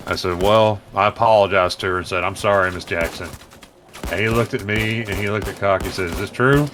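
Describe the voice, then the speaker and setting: A man with a low-leaning voice talks fairly quickly as he streams a game, casually recounting a profane story and doing impressions of the people involved. The recording carries slight background noise and loud music.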